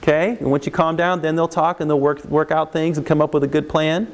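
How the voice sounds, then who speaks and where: A middle-aged man, a counselor giving a parenting talk to a live audience, lively and acting out parents and kids. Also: fairly high pitch, a little fast. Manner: animated, acts out parents and kids in raised voices. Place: large hall with live audience. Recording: long reverb of a large hall.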